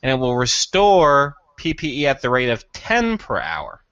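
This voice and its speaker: Man, game master, joking, lively pitch, dry close mic. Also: a little slow, smooth, no echo, muffled recording. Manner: joking, laughs often. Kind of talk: running a tabletop game over voice chat.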